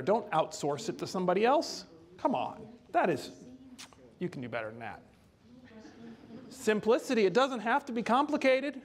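A man giving a training presentation on home care, telling a story in a lively, conversational way. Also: high voice.

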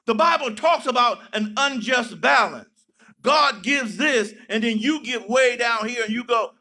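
Man preaching slow, bright ringing voice, yells out now and then. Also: very high-pitched. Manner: preaching with sudden shouts and playful asides. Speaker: pastor. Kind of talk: sermon.

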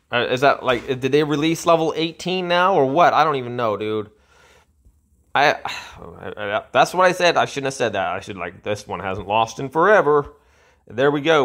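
A man giving frustrated gameplay commentary as a channel host, sighing and ranting with drawn-out insults at the game. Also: mid-range voice, a bit bright.

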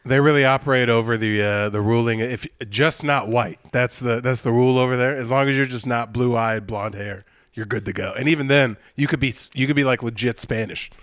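A man's voice: medium pitch, fairly even intonation, a little fast, hardly any pauses, a bit bright, no room sound, studio quality. A young man from Arizona co-hosting a casual podcast, cursing and rambling, laughing often. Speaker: podcast co-host. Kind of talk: casual chat.

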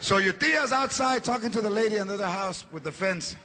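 A man doing stand-up comedy, telling a story in an animated way. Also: high-pitched, fairly quick. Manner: animated storytelling, mixing in Spanish words. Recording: noisy live stand-up recording.

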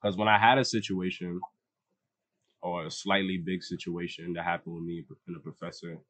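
Man, very low voice, documentary interview, measured, dry close sound. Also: little pitch movement, a bit bright, no room sound. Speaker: student interviewee.

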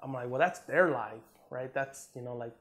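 A man, an Army combat veteran from Southern California, telling a war story in a casual interview, relaxed and profane, full of "man" and "you know", acting out the quotes. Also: mid-range voice, moderate pace.

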